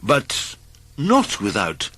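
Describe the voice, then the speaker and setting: A male narrator tells a cartoon story at an unhurried pace, with a lively, rising and falling pitch. His voice is low-set and a little husky, recorded close and dry. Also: no echo.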